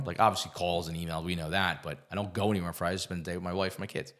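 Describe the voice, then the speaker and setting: A man's voice: low-pitched, steady tone, very fast, fairly bright tone. A man talking as a podcast guest in casual conversation, telling candid stories with lots of filler words and the odd swear.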